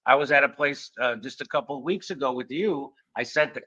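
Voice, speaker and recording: Animated, profane male storytelling host. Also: medium pitch, a little fast, muffled recording. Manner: animated, profane, acts out quoted dialogue. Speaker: podcast host. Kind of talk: casual storytelling chat.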